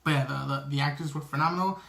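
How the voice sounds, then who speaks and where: An excitable man rambles through a casual film review, full of fillers and restarts and acting out the characters' lines. His voice sits a little high for a man. The sound bounces around a noticeably echoey room. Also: very fast, a little hiss or hum. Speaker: movie reviewer.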